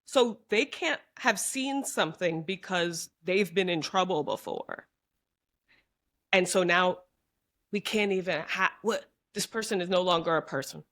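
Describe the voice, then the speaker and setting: A woman's voice: on the low side, a little slow, a bit bright. A woman guest on a podcast, speaking earnestly in long, run-on explanations in casual conversation.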